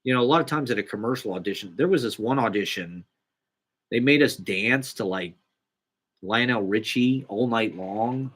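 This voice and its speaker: A young man with a medium-pitched, fairly bright voice rambles through a casual, profane, self-deprecating monologue about a small acting job he had.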